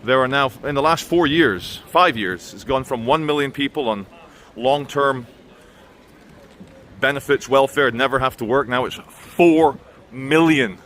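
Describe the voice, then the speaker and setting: A man's voice: mid-range voice, moderate pace, fairly bright tone, a little hiss or hum. A man giving blunt, sarcastic commentary in a vlog while walking outdoors through town streets. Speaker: vlogger.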